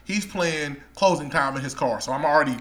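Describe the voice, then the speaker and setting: A man's voice: a little high, a little fast, a loud crowd. A young man co-hosting a casual podcast, telling a long story with laughs, profane slang. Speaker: podcast co-host.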